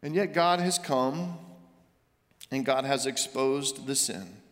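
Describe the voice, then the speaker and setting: A male pastor delivering a sermon, rising to emphatic questions and dropping soft and low for confession. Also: takes it slowly. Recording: long reverb of a large hall.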